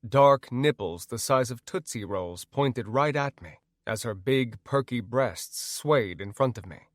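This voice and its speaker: A man narrating a first-person audiobook in an expressive, storytelling way. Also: medium pitch, measured pace, dry recording, clean studio sound.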